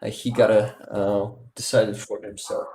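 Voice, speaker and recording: Man hosting a stream, halting with lots of uhs, roomy echo. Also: fairly low pitch, level tone, a little mellow, a little hiss or hum. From Ukraine. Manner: halting, with many fillers and repeated words. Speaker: livestream host. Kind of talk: casual livestream chat.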